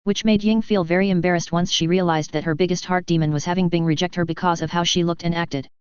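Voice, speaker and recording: Very smooth steady audiobook narrator. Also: mid-range voice, quick pace, no room sound, muffled recording. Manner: steady, even reading.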